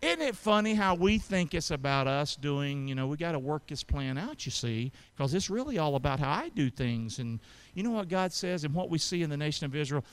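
A man preaching a sermon, calling out to the congregation for responses and swinging between loud emphasis and quiet asides. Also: fairly high pitch, animated, fairly quick, clear, resonant tone. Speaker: pastor.

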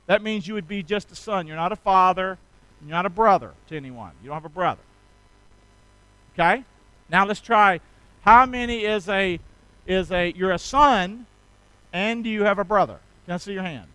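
A pastor with a high voice preaches in a folksy, playful way and keeps calling on the congregation to answer back. His tone is bright and forceful, and the sound is close and dry, with no echo. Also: moderate pace, pauses often, smooth. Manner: folksy, playful, energetic, often drawing responses from the congregation. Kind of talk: sermon with call-and-response.

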